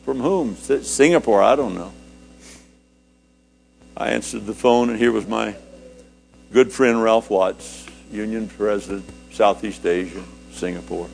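An older man, a preacher, telling a personal story in a sermon, his voice climbing high with feeling and dropping low and quiet. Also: unhurried, creaky, pauses often, soft background music.

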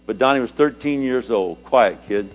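An older man, a preacher, telling a personal story in a sermon, his voice climbing high with feeling and dropping low and quiet. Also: normal speed, faint music behind.

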